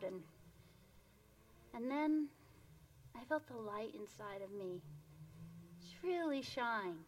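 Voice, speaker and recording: Female storyteller and reflection guide; slow, gentle, softly hushed delivery, slightly high voice. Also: a little hiss or hum. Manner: gentle, unhurried, often dropping to a soft hush.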